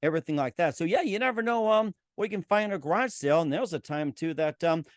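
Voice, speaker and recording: Lively, rambling male host, dry sound. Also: a little high, quick pace, no room sound. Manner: rambling, full of fillers. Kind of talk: casual interview chat.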